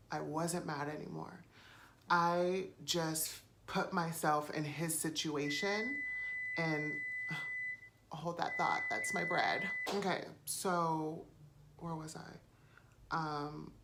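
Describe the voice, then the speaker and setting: A woman vlogger tells a story casually into her phone camera at home, chatty and swearing freely with plenty of fillers. Her voice sits low, and there's noise in the background.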